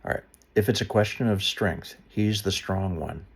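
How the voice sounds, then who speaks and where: A man reading a Bible passage aloud slowly and deliberately, stopping now and then to explain the footnotes. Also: deep voice, gravelly, husky. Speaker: Bible reader. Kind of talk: unscripted Bible reading with asides.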